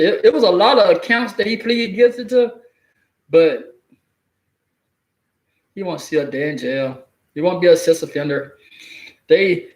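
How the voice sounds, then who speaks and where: Man vlogger with a high voice, slangy and rambling, laughs between phrases. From southeastern US. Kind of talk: casual commentary to camera. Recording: echoey room.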